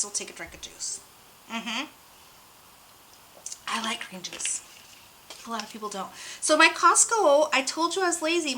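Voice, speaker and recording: A young woman talks to her viewers in a loose, rambling vlog style, bubbly and a little hyper. Her voice is bright and ringing, set in the middle of the usual range for women. A faint room ambience sits under her talk. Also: medium pitch, a little hiss or hum, rough recording. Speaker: oracle card reader and channel host. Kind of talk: casual chatty vlog.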